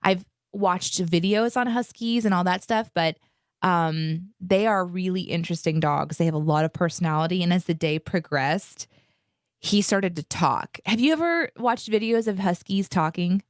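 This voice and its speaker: Sitting on the low side, this thirty-something woman's voice keeps a moderate pace as she shares a story on a live morning show she co-hosts. She's upbeat and animated in casual chat. The studio sound is clean with no echo.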